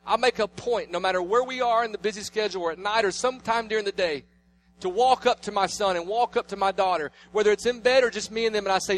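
A man in his thirties preaching a sermon, telling family stories and swinging between loud declarations and hushed asides. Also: high voice, quick pace, slight background noise. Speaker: pastor.

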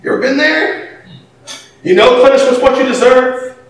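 High-voiced man preaching in an echoey hall. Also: normal speed. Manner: animated, swings from quiet to shouting, laughs between lines. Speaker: pastor. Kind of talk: sermon. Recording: echoey hall from far off, faint background noise.

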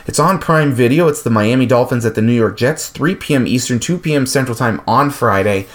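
A man hosting a sports podcast, running through game picks with frequent fillers and restarts. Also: mid-range voice. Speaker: podcast host.

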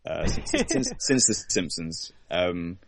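A man co-hosting a podcast in casual chat, retelling scenes in an animated way. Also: low-pitched, takes it slowly, creaky, over a noisy crowd. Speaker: podcast co-host.

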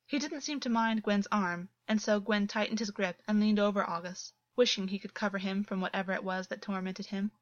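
A woman narrating a story in a steady, earnest reading voice, on a dull, lo-fi recording. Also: mid-range voice, fairly quick, few pauses, no echo. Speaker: audiobook narrator.

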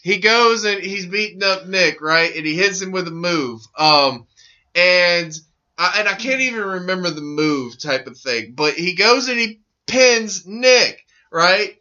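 A man on a casual podcast, animated, laughing often and acting out quotes in a loud voice. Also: high-pitched, a little slow, highs cut off. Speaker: podcast co-host. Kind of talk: excited casual wrestling chat.

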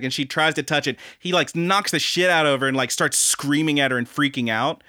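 A young man co-hosting a casual podcast, animated and profane, who acts out quoted lines in high, mocking voices. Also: fairly quick, hardly any pauses, no room sound, clean studio sound. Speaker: podcast co-host.

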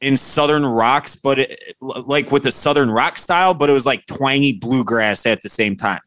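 A man's voice: medium pitch, moderate pace, fairly bright tone, no room sound. Male podcast cohost, mid voice, laughs a lot, dry close sound. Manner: laughs often, profane. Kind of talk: casual chat.

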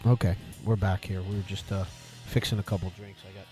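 A man's voice: sits low, level tone, a little fast, hardly any pauses, music in the background. A man hosting a casual radio talk show, easygoing and full of fillers like "uh" and "you know.". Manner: easygoing, filler-heavy, encouraging.

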